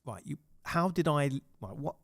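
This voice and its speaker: Swearing man, lively storyteller. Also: on the high side, normal speed, creaky, no room sound, clean studio sound. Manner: swears freely, animated storytelling with acted quotes. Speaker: podcast host. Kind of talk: casual storytelling chat.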